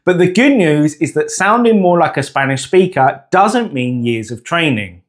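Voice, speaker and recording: A young man, a language teacher, giving a scripted pronunciation lesson and slowly, clearly demonstrating sounds. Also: a little high, expressive.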